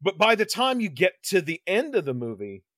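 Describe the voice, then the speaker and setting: Bright-voiced man rambling on a podcast. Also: high-pitched, wildly swooping pitch, a little fast, dry recording. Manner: rambling, swears, frequent restarts. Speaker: podcast co-host. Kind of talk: casual movie review chat.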